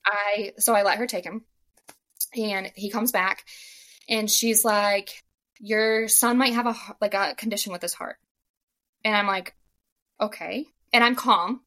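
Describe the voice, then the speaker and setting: A young woman recounts her story in relaxed podcast conversation. Her voice is bright, and she talks in an animated way, slipping into the voices of the people she quotes and filling gaps with "like.". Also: medium pitch, measured pace, pauses often. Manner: animated, acts out quoted dialogue, frequent "like". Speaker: podcast guest. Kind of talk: casual storytelling.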